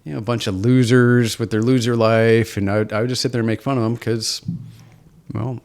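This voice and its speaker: A man's voice: mid-range voice, flat delivery, a little fast, darkish tone. A man from Seattle, a podcast guest, candidly telling his personal story in an earnest, self-deprecating, reflective way. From Seattle, USA.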